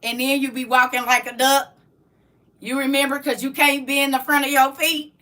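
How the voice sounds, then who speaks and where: During a casual home livestream, a middle-aged woman reads chat aloud, teasing and laughing with her viewers. Her voice sits high with little pitch movement, a sharp tone and a moderate pace, and she's recorded from afar.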